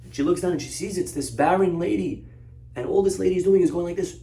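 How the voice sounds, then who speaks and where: A man's voice: sits high, quick pace, vocal fry, dark tone. A man, a rabbi, teaching a Torah class through an earnest story. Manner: earnest, story-driven, exhorting. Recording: roomy echo, far from mic.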